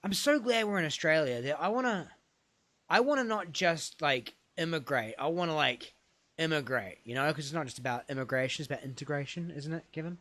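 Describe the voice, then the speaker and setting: A man voicing an eager, boastful immigrant man who talks in a raised, excited voice. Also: brisk, dry recording. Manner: excited, emphatic, high-pitched.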